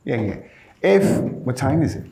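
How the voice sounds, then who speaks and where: A male preacher giving an informal, animated sermon in casual street slang, often calling his listeners "man". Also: medium pitch, measured pace, vocal fry, reverberant.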